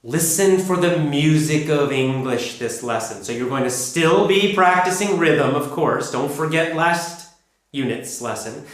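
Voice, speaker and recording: Emphatic man teaching in an echoey room. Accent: North American. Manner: slow, emphatic demonstrations of pitch and stress. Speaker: English pronunciation teacher. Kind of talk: spoken lesson to learners.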